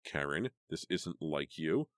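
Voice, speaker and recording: A man voicing a calm, quiet teenage girl. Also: very deep voice, takes it slowly, no echo, studio quality, heavily acted. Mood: soothing. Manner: quiet and steady.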